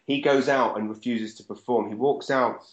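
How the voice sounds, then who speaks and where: A man, a stand-up comedian, chatting casually and telling stories with animated energy and the odd swear word. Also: mid-range voice, normal speed. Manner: animated storyteller, swears freely. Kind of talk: casual chat. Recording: dull lo-fi sound.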